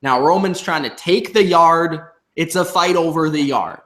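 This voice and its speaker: A young man reviewing a wrestling episode in relaxed chat, his voice sitting a little high. He walks through each segment and drags out the quoted lines for effect. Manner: retells promos, often slowing to quote lines. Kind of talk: casual recap and commentary.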